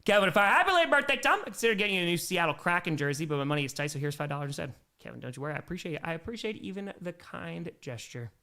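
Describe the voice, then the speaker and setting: A man's voice: on the high side, very fast, creaky, few pauses. A young man hosting a live stream, reading viewer messages aloud, thanking them, and calling the plays. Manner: bursts into excited play calls. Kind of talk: live play-by-play and chat reading.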